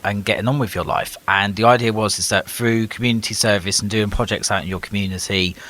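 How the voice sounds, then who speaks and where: British male guest, somewhat low voice, long chatty answers full of ums. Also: a bit bright. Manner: long explanations with frequent ums and repeated words. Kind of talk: casual conversation.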